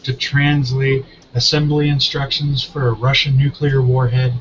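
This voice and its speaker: A man's voice: mid-range voice, flat delivery, unhurried. A man in a casual live chat with friends, joking in a dry mock-serious way. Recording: dull lo-fi mic with light hiss.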